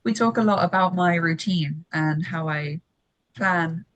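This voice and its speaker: A woman's voice: fairly low pitch, a little slow, dull audio. A woman co-hosting a podcast in casual chat, upbeat and agreeable, laughing easily. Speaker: podcast co-host.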